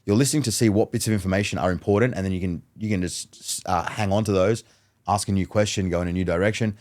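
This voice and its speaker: A low-pitched man talks in a relaxed podcast chat. He tells lively stories and slips into other people's lines as he goes. His voice sits deep and steady under the anecdotes. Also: fast talker. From Australia. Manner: animated storyteller who acts out dialogue. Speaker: guest mentalist. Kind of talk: casual podcast conversation.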